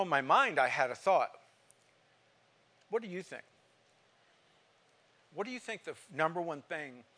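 A man preaching a sermon, spinning a personal story and pausing to quiz his congregation. His voice sits fairly high and sounds bright and forward. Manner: storytelling, asks the congregation questions.

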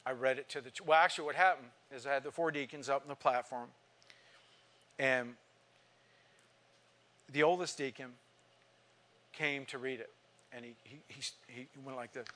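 During a sermon, an older pastor earnestly relates an emotional story and performs the dialogue of the people in it. His mid-range voice sounds pushed and bright, with fairly even intonation, a moderate pace, and long pauses.

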